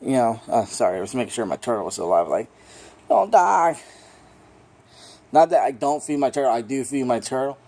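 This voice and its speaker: A man giving a casual, unscripted movie review, rambling and excitable, swearing freely and filling gaps with "you know" and "like". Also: mid-range voice, quick pace, few pauses.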